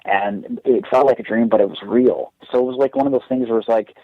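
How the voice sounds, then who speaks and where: A man's voice: medium pitch, brisk, no room sound. A young man, a wrestler guest on a podcast, telling a long story casually with many restarts and fillers. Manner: rambling, lots of "like" and restarts. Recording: dull lo-fi podcast audio.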